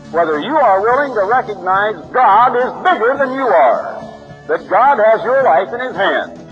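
A man with a high-pitched, fairly bright voice preaches an impassioned radio sermon, his voice swinging widely and rising for emphasis. It sounds like a muffled old radio broadcast.

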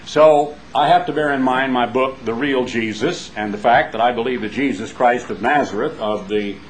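Man, American twang, evangelist, broadcast sermon, mid-pitched voice, faint background hiss. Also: poor audio. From United States. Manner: conversational preaching, slowing to stress key phrases.

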